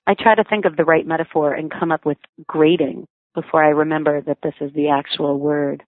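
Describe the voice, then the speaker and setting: A woman's voice: sits low, fairly even intonation, fairly quick, no echo. A mother reading her own memoir aloud in a wry, reflective storytelling manner. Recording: thin phone-like sound, dry.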